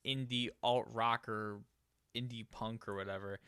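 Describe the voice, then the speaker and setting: A man's voice: lowish voice, fairly even intonation, measured pace, pushed and bright. A man co-hosting a music podcast, chatting casually, blunt and opinionated, often trailing off into hedges. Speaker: podcast co-host. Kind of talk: casual chat about music.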